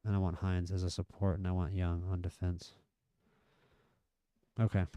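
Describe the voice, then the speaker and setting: Male game streamer with a low, smooth voice, chatty live match commentary, excitable at big moments. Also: moderate pace, no room sound, muffled recording. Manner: chatty, excitable at near misses and goals.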